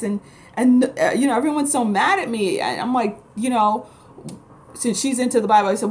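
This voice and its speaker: Here a Reiki practitioner and spiritual vlogger from New York City rambles to camera at a moderate pace. Her pitch is fairly high, and she comes across as blunt and emphatic in this casual monologue.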